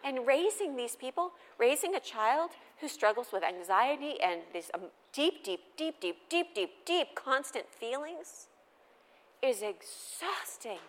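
A middle-aged woman giving a humorous storytelling talk at a faith gathering, lively and conversational, often asking the audience questions. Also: high voice, measured pace, long reverb tail.

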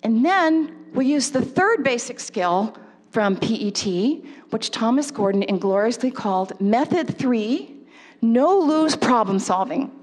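Woman speaker, high voice, animated lecture, long hall reverb. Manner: animated, asks the audience questions. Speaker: parenting workshop speaker. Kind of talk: lecture to a live audience.

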